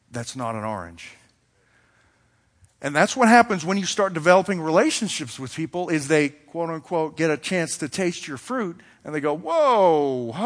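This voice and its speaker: A man with a fairly high voice preaches a sermon as if chatting with friends. He tells a homely story and slips into little acted dialogues as he goes. His voice rings out with a long echo of a hall. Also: a bit bright. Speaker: pastor.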